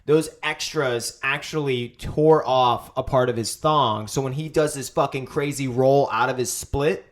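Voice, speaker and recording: A man co-hosting a podcast, chatting casually about a movie and sharing trivia in a relaxed way. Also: medium pitch, a little slow. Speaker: podcast co-host. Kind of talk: casual movie recap chat.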